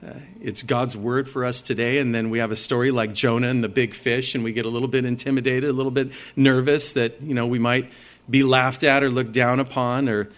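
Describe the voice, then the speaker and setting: A man's voice: medium pitch, little pitch movement, a little fast. Earnest male pastor preaching conversationally. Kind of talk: sermon.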